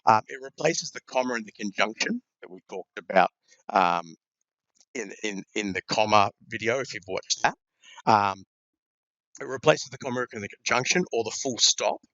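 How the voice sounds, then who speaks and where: A man's voice: on the low side, animated, moderate pace, a bit bright, no room sound, dull audio. A man teaching a grammar lesson, explaining punctuation with many ums and repeated words.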